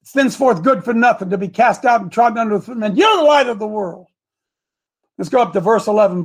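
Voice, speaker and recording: Fiery high-voiced male preacher. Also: expressive, fast talker. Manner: shouts peaks, then drops to soft asides. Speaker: preacher addressed as coach. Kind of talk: fiery sermon.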